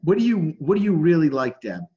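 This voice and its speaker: A man coaching a student on a group call, energetic and pushy, repeating himself as he drives his point home. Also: fairly high pitch, a little fast, breathy edge, muffled recording.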